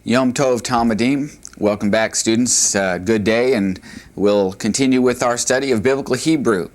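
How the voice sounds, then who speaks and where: A man's voice: mid-range voice, moderate pace. A man teaching a recorded language lesson, patiently saying each vocabulary word twice, with frequent fillers. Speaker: Hebrew teacher.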